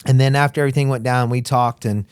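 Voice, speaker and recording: A man's voice: medium pitch, fast talker, clear, resonant tone, dry recording, studio quality. A man from Florida, a guest on an interview show, telling his story in casual talk and acting out what other people said. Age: young adult. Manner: animated, acts out quotes of others. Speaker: interview guest, former smuggler.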